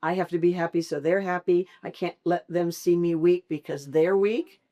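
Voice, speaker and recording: A woman's voice: on the low side, normal speed. A middle-aged woman, a podcast guest, telling a personal story with feeling, laughing often and acting out the dialogue. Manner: expressive, laughs often, acts out quoted dialogue.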